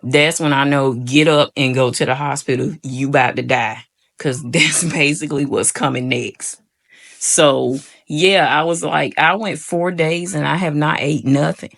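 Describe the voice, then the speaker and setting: A young adult woman vlogger tells her viewers a personal story in a loose, rambling way, constantly saying "like" and calling them "y'all." Her voice is low-pitched and fairly bright, with vocal fry and a measured pace.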